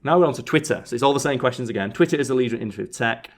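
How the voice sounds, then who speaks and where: A man's voice: mid-range voice, animated, very fast. Sarcastic man chatting on a podcast. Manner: sarcastic, reading survey answers aloud. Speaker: podcast host. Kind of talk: casual podcast chat.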